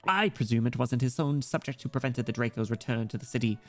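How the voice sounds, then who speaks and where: A man voicing an eloquent male poet scholar in a put-on British accent, measured and formal. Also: mid-range voice, faint music behind, lightly acted. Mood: solemn.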